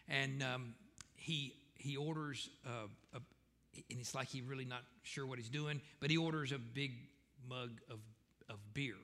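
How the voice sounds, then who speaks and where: A man's voice: mid-range voice, steady tone, a little slow, a bit bright. A male pastor preaching a sermon, telling stories in a folksy way with frequent fillers. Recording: echoey church hall reverb.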